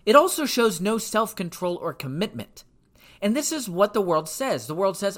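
A man teaching from the Bible in a sermon style, emphatic, repeating phrases for stress and reading verses slowly. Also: high-pitched, very animated, fairly bright tone. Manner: reads scripture slowly and deliberately.

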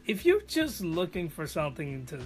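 A man talks through an anime review in a loose, casual way. He rambles and gets enthusiastic, and his voice sits a little high. Faint music plays under him. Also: huge pitch swings, normal speed.

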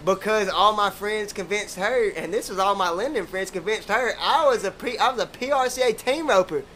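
A man's voice: high-pitched, normal speed, fairly bright tone, soft background music. A man, hosting a podcast and telling rambling, profane stories in casual chat. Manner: profane, rambling, laid-back drawl.

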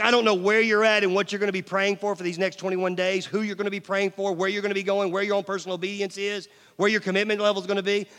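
A middle-aged male pastor preaching a sermon, swinging from loud emphasis to near-whispers and asking the audience questions. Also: sits high. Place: large church hall. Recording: long church hall reverb.

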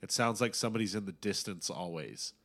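A young man in casual chat, rambling, swearing often and getting animated when excited. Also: deep voice, a little fast.

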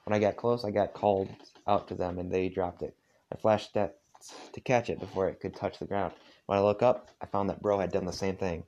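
A tired man casually reading a story aloud at home, halting often with asides. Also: low voice, fairly even intonation, darkish tone, highs cut off. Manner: halting, with frequent asides and filler. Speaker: fanfiction reader. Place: dark room at home.

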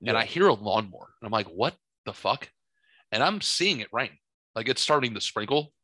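A middle-aged man hosting a casual chat, telling rambling, profane, animated stories from his home studio. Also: lowish voice, moderate pace, no echo. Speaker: podcast host.

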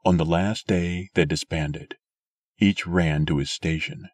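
A man narrating a story aloud in a steady, measured way. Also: low-pitched, no echo. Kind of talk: scripted audiobook narration.

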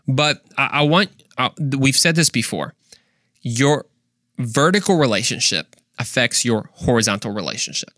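A man's voice: medium pitch, animated, normal speed, a bit bright, dry recording, clean studio sound. Earnest man hosting a faith podcast. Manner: earnest, fires off rhetorical questions, casual slang. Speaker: podcast host.

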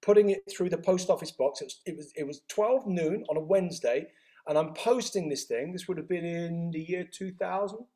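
Animated man telling a story. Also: on the high side. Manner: animated, acts out dialogue with quick reported speech. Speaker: interview guest. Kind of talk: storytelling in conversation.

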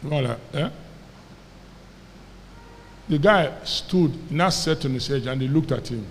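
A Nigerian man preaching a sermon, telling a story with lively quoted dialogue and having the congregation repeat after him. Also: a little high, measured pace, long reverb tail, slight background noise. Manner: animated storyteller, quoting characters, calling on the congregation to repeat. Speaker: pastor.

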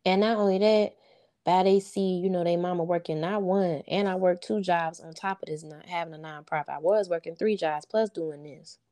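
Heartfelt mom as interview guest, low and mellow, chatty and informal, keeps saying "you know what I'm saying.". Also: female voice, fairly even intonation, moderate pace. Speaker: interview guest, single mother of sons. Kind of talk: casual heartfelt interview chat.

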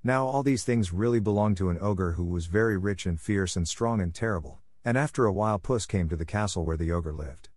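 A man narrating a fairy tale in a steady, even storytelling manner, close to the mic. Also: low voice, brisk, few pauses, dry recording. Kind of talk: scripted audiobook narration.

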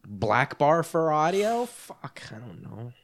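A man's voice: on the high side, very animated, slow pace. A young man co-hosting a podcast, rambling and swearing in casual banter. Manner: swearing, rambling, easily annoyed. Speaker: podcast co-host. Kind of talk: casual chat.

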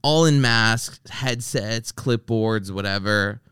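A man's voice: on the low side, slow, fairly bright tone, clean tone, dry recording, studio quality. A man hosting a podcast, chatting casually and telling stories, acting out the people he quotes and swearing freely. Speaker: podcast host. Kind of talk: casual chat.

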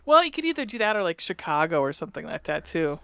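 A woman with a bright, crisp voice chats and jokes as a podcast co-host, giggling often. Her tone is smooth and close, with no room sound. She talks over a remote call. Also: on the low side, sing-song, fast talker, dry recording. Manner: giggly, chatty, jokey. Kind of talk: casual chat.

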